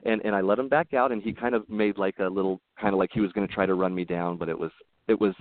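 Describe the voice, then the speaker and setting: A man's voice: low voice, steady tone, quick pace, dry recording. A man talking as a podcast guest, telling personal stories in a rambling, earnest way with frequent restarts. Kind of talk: casual interview storytelling. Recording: tinny phone-like line, dry.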